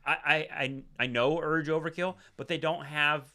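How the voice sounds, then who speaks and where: A man's voice: fairly high pitch, steady tone, moderate pace, bright, forceful tone. A man co-hosting a casual music podcast, talking in an easygoing, wry way. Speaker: podcast co-host.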